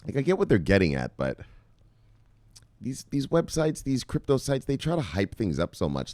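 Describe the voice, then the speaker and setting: A man presenting crypto news in casual, profane commentary, rambling and swinging from loud outbursts to muttered asides. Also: mid-range voice, wildly swooping pitch, moderate pace, no room sound.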